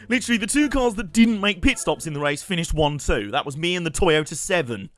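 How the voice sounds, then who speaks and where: A man's voice: a little high, animated, a little fast, a bit bright, soft background music. A young man, chatting and joking while commentating his live gameplay stream. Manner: chatty, joking, rambling asides with laughs.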